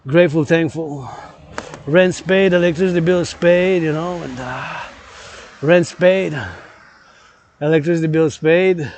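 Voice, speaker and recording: Man from Quebec, vlogging outdoors on a phone; slightly high voice, rambling and preachy, repeats himself. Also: measured pace, a little mellow, a little hiss or hum. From Quebec, Canada. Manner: repetitive, impassioned, preachy. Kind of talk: rambling outdoor vlog monologue. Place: outdoors, moving around a city.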